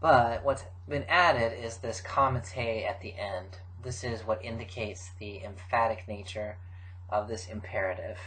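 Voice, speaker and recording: A middle-aged man giving a recorded grammar lecture, explaining forms in a measured way with frequent fillers. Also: lowish voice, fairly bright tone, poor audio. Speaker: Biblical Hebrew teacher.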